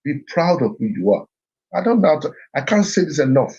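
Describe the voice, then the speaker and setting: A man's voice: on the high side, big pitch swings, brisk, darkish tone, dull audio. A middle-aged man from Nigeria hosting a live stream, speaking earnestly with frequent restarts and repeats. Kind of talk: motivational live-stream talk.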